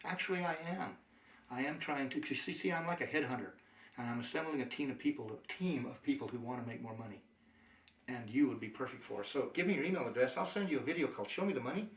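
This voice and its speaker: A man's voice: mid-range voice, quick pace, echoey room, recorded from a distance, rough recording. A man giving a sales training talk, telling stories, acting out the dialogue and chuckling often. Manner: chuckling, anecdotal, animated.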